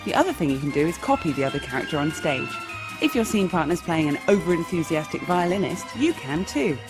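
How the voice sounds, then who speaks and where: A woman teaching improv comedy in a bright, demonstrative instructional narration. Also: low-pitched, lively intonation, fairly quick, over music. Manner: bright, demonstrative, sing-song.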